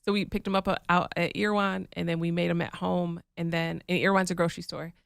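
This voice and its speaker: A woman co-hosting a podcast in casual chat, telling stories in a lively way and acting out the lines she quotes. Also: lowish voice, fast, vocal fry, clean tone, dry recording, clean studio sound. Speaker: podcast co-host.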